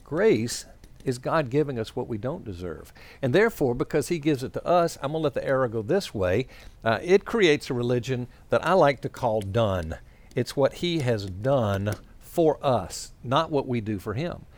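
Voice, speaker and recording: A male preacher giving a conversational sermon, pausing often with fillers while he sketches a diagram to explain his points. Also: medium pitch, sing-song. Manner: conversational, drawn-out pauses and fillers. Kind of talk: sermon with storytelling.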